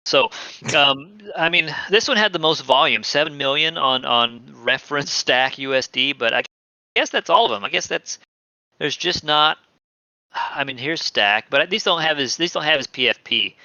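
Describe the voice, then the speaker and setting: A man's voice: on the high side, animated, moderate pace, pushed and bright, dry recording, lo-fi sound. A man from Texas, co-hosting a casual streamed chat, joking and reading screen text aloud. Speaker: podcast co-host.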